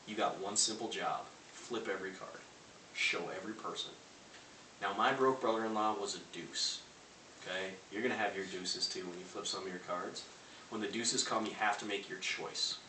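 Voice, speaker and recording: A man's voice: on the low side, sharp tone. A young man giving a brash motivational sales presentation to a live audience, firing punchy rhetorical questions at the crowd. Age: young adult. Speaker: network marketing presenter. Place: large room in a house with a live audience. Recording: roomy, distant recording with faint hiss.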